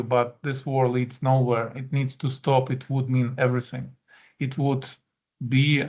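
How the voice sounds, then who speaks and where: A male ambassador giving a formal talk in an even, monotone voice. He speaks with measured frankness and stops often to hesitate and restart his sentences. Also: medium pitch. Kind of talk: formal speech at a policy event.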